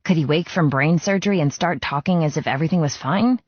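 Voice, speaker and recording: A woman's voice: low-pitched, quick pace, husky, dry recording. A woman narrating a first-person romance audiobook in an emotional, intimate reading from a close mic. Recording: slightly dull, muffled sound.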